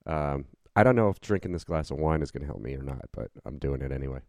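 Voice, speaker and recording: Podcast co-host, easygoing man, deep voice, dry close mic, rambly casual chat. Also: expressive, fast, a little mellow, no echo. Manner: laid-back, rambling with many fillers.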